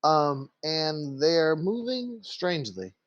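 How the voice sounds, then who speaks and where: A man's voice: a little high, big pitch swings, slow pace, no echo, muffled recording. A man narrating as game master of a tabletop game, loose and full of fillers. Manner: loose, filler-heavy, laughing easily.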